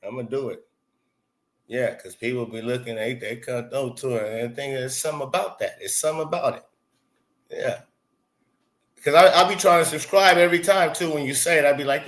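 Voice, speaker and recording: Streamer host, man, bright mid-pitched voice, loose swearing chat, laughs easily. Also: normal speed. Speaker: livestream host. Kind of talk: casual livestream chat.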